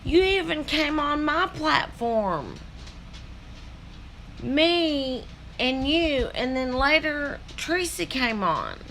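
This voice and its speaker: Slow, lively-voiced woman rambling. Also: high-pitched, slight background noise. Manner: rambling, with many fillers. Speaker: reaction video host. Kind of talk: casual reaction commentary.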